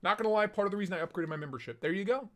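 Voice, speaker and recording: A man's voice: high-pitched, rapid-fire, fairly bright tone. A young man hosting a casual live stream through a voice changer, chatting loosely and reading out chat messages.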